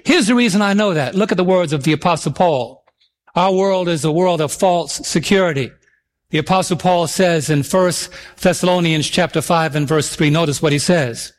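A middle-aged man delivers a sermon in a notably high voice. He slows right down to draw out scripture verses with emphasis and prompts his listeners to respond. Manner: emphatic, drawn-out scripture reading; calls for audience responses. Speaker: preacher.

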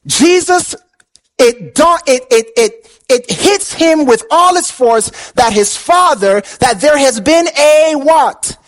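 A pastor with a strikingly high voice preaches a passionate sermon, taking it slowly yet sounding animated. He poses questions to the congregation and repeats words for emphasis, all captured on a low-quality recording.

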